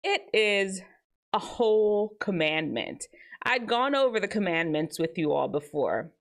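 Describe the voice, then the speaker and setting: Woman host, teen advice talk, very expressive swoopy pitch, chatty. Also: a little slow. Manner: animated, chatty, jumps between high and low tones. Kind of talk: casual advice talk to teens.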